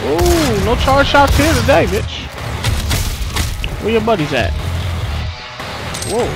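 A woman doing let's play commentary, trash-talking enemies with profanity and loud whoops. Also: on the high side, very animated, slow pace, creaky. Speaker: gamer playing on stream. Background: game music and gunfire.

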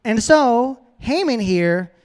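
Brief: casual, animated male preacher, higher-pitched voice. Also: slow, clean tone. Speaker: pastor. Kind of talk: sermon.

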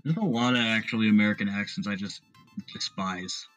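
A man's voice: lowish voice, fairly quick, a bit bright, faint music behind. A man chatting casually on a stream, blunt and opinionated. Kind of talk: casual chat.

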